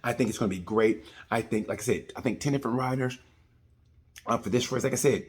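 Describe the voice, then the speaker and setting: A man's voice: mid-range voice, quick pace. A man hosts his own video review, talking casually and rambling a little as he goes. He is chatty and jokey, tossing in nicknames and side stories. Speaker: vlog host reviewing a race.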